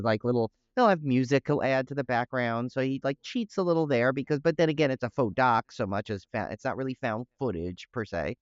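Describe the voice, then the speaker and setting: Rambling, animated podcast co-host man. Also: medium pitch, clean tone, no echo, lo-fi sound. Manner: rambling, animated, many restarts and fillers. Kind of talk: casual chat.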